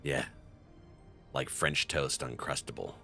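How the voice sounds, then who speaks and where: A man's voice: rumbling low, steady tone, slow pace, vocal fry, sharp tone, soft background music. A young man streaming a game, chatting casually with viewers and laughing often. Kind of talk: casual live-stream chat.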